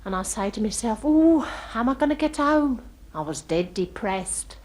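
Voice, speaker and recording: A woman with a fairly high, somewhat dark voice speaks at a moderate pace with lively intonation. She's an actress doing a comic character monologue as a chatty, starry-eyed young working-class London girl, spinning a funny story in gossipy, ungrammatical speech.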